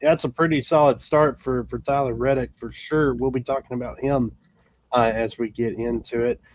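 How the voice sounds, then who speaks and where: A man's voice: mid-range voice, steady tone, normal speed. A man hosting a casual live racing talk show, with many fillers and restarts. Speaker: podcast host.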